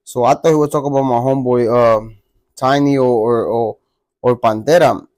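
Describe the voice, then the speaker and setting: A man recounts a story in casual storytelling mode, blunt and full of profane street slang. His voice sits at an ordinary middle pitch. The sound is dry and close. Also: steady tone, normal speed, a little mellow, no room sound.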